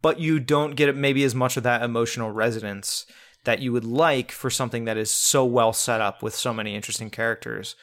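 A man's voice: medium pitch, steady tone, fairly quick, a bit bright. A man co-hosting a casual film review podcast, talking in a rambling way with many restarts and fillers. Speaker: podcast co-host.

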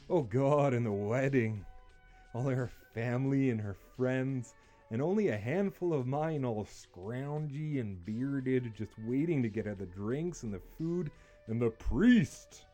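Guy reading a poem real dramatic, slow and lively, mutters then yells. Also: mid-range voice, soft background music. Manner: theatrical, swinging from muttering to shouting.

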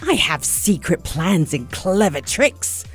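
A woman voicing a boastful, greedy male crocodile in a storybook read-aloud, gloating with drawn-out relish. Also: on the low side, sing-song, husky, faint music behind, exaggerated voice.

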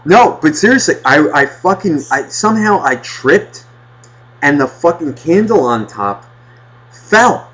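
A man's voice: fairly high pitch, unhurried. Swearing man telling a rambling story. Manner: rambling, heavy swearing, animated retelling. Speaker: podcast host. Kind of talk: casual storytelling chat. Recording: dull lo-fi podcast audio.

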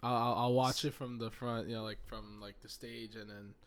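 A man with a New York accent touched by a Southern twang, chatting casually as a guest musician on a podcast, laid-back and quick to laugh. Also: medium pitch, flat delivery. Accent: New York with a slight Southern twang. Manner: laid-back, laughs often, loose slang.

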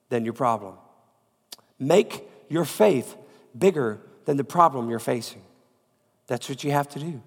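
A man preaching a sermon as pastor, with a cold, repeating phrases emphatically, swinging from loud peaks to quiet. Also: mid-range voice, gravelly, breathy edge, long reverb tail. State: has a cold.

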